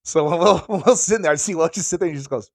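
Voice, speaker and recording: A man in a band telling a funny studio story in casual chat, animated, laughing and swearing. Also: a little high, rapid-fire, no room sound. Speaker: band member.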